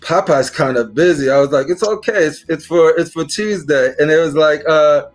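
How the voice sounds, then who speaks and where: Animated middle-aged man telling stories. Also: a little high, normal speed, faint music behind. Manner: animated storyteller, acts out dialogue. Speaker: podcast host; father. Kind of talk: casual chat.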